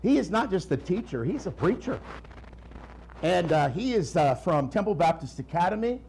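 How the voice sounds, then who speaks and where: A man preaching a sermon as a pastor, swinging between slow, emphatic lines and quick, quiet asides. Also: sits high, sing-song, gravelly, husky, rough recording.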